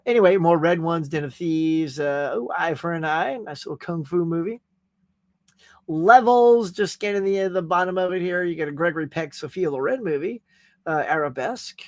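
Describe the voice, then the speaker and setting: A chatty, jokey male host talks straight to his viewers in a casual stream. His voice sits high for a man. The sound is close and dry, with no room around it. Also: no echo. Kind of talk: casual live-stream chat.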